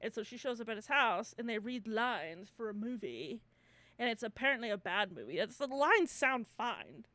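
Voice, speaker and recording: A woman's voice: fairly high pitch, lively intonation, moderate pace, bright, forceful tone, no room sound. A young woman co-hosting a casual chat, retelling a movie plot, laughing often, swearing freely and acting out the characters' lines. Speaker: podcast co-host.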